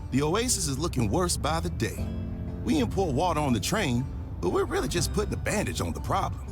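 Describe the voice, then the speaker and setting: A man's voice: on the high side, huge pitch swings, a little fast. A man voicing a polite, easygoing young male peacekeeper in a video game, speaking with a slight Southern US twang in a laid-back, dry, courteous way. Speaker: investigating officer in a game. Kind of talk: voiced game dialogue. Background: game music.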